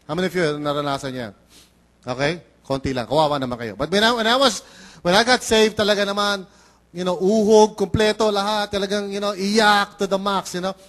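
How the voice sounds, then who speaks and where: A middle-aged pastor with a Filipino accent and a notably high voice delivers a lively, conversational sermon. He slips into little acted voices when he quotes people, keeping the congregation engaged. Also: fairly quick. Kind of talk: bilingual sermon.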